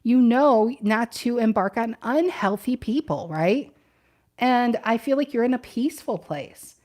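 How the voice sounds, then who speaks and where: A woman's voice: on the high side, expressive, measured pace, darkish tone. A woman doing a casual tarot reading, chatty and thinking aloud, often repeating her questions to the cards. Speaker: tarot reader.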